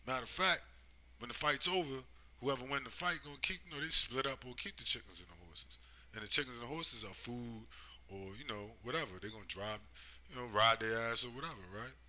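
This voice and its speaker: A man's voice: medium pitch, fairly quick, pushed and bright, rough recording. A man giving a rambling, profane monologue, driving his points home with constant tag questions. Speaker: commentator. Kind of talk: casual monologue.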